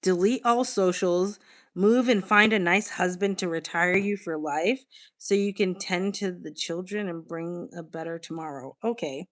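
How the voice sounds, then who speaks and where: A woman's voice: on the low side, unhurried. Chatty woman streamer reading chat. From Boston, United States. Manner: chatty, candid, reacts to chat messages, casual swearing. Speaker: livestream host. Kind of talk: casual livestream chat, reading comments aloud.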